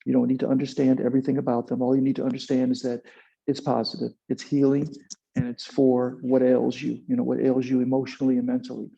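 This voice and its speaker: A man teaching a kundalini yoga class, giving calm, unhurried instructions and guiding a chanted mantra with a few fillers. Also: medium pitch, gravelly, husky. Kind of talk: guided yoga and meditation instruction. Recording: dull lo-fi sound.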